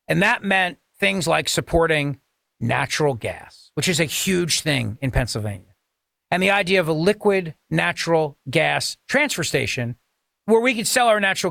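A male talk radio host in full monologue, combative and sarcastic, firing off rhetorical questions. His voice sits high with a gravelly rasp, recorded close and dry with no room sound. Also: a bit bright, no echo.

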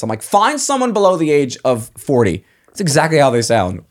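Animated comedian. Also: male voice, on the high side. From Staten Island, New York. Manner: animated, swearing, does quick voices when quoting people. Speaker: comedian and podcast host. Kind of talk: casual chat.

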